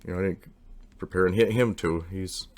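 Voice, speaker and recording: A man with a low voice tells a long, wandering personal story in casual, unpolished speech. He keeps acting out what people said, and his voice jumps higher in those quoted bits. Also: brisk. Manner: rambling, animated, acts out quotes with raised pitch.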